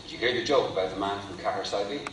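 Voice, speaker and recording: A male lecturer talks through an academic point, pausing wryly before his punchlines. He sounds distant from the microphone, with heavy hall reverb and a faint hum of room ambience. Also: lowish voice. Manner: wry, deliberate, builds to punchlines. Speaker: university lecturer. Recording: echoey hall from far off.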